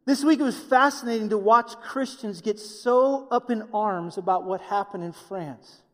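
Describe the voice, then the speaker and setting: Male pastor, lively sermon delivery, fairly high voice, hall reverb. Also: normal speed. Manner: animated, acts out voices of others, jokey asides.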